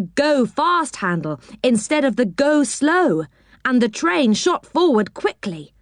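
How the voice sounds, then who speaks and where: A woman reading a children's story aloud in an expressive storytelling manner. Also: on the high side, a little slow, dry recording, clean studio sound.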